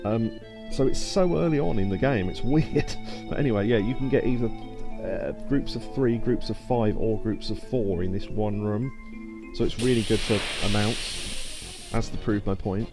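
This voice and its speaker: A man's voice: lowish voice, moderate pace, music in the background. A man streaming a video game, chatting casually and explaining trivia with plenty of fillers.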